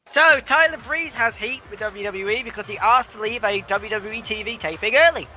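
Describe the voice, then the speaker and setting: Very bright, high-pitched podcast guy. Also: moderate pace, soft background music, low-quality recording. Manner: swearing, hesitant with many fillers. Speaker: podcast co-host. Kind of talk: casual podcast chat.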